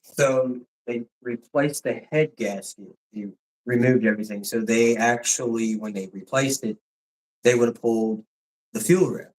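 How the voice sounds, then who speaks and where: A man's voice: mid-range voice, measured pace, darkish tone, low-quality recording. A man explaining a car's no-start problem in a matter-of-fact way, reasoning it through aloud. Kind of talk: explaining a repair.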